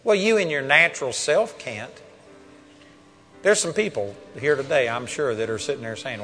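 A man's voice: mid-range voice, expressive, moderate pace, fairly bright tone, faint music behind. A man preaching a sermon at a seminar, emphatic, quoting scripture by chapter and verse. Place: large seminar hall. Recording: long reverb of a seminar hall.

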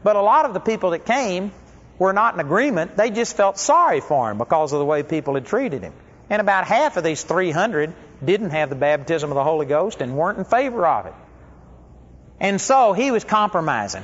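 His high, expressive voice moves at normal speed as he preaches, telling stories in a chatty, folksy manner. The sermon comes through a dull, lo-fi recording with long hall reverb.

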